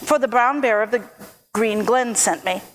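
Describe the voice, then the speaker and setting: A woman's voice: on the high side, normal speed, long reverb tail, lightly acted. A woman voicing a hesitant, polite young prince in a told folk tale.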